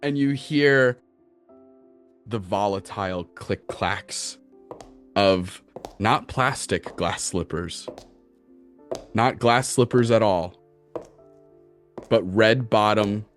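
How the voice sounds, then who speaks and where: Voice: medium pitch, slow pace, pauses often, soft background music. A game master narrating a tabletop game, giggly and playful, improvising descriptions as they go.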